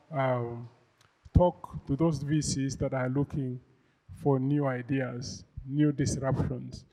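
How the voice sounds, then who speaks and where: A man hosting a business forum, giving measured opening remarks full of ums and uhs before introducing the speaker. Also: medium pitch, dark tone, rough recording. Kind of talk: slow, deliberate opening remarks. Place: conference room with a live audience.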